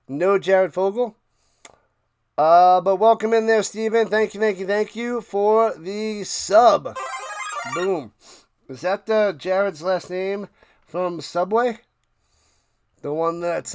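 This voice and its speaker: A man hosting a live stream, mixing casual play-by-play of a football game with chat to viewers, getting loud on big plays and now and then coughing and clearing his throat. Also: high voice, no echo, studio quality.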